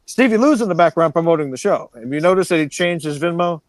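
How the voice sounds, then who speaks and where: Fast, ranting podcast man. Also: a little high, expressive, no room sound. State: angry. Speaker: podcast co-host. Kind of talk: casual profane podcast banter.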